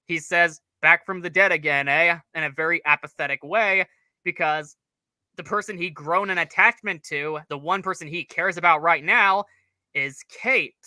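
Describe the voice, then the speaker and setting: A man's voice: on the high side, normal speed, bright, forceful tone, no room sound. A man co-hosting a casual show review, analytical and rambling, with the odd curse. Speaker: co-host reviewer.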